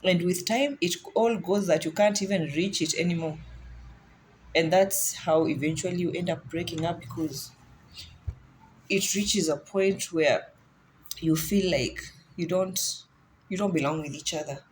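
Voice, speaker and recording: A woman's voice: lowish voice, unhurried, pauses often, darkish tone, slight background noise. A woman talking straight to her audience in a casual monologue, earnest and direct, repeating her points for emphasis. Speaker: relationship commentator. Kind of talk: casual opinion monologue to camera.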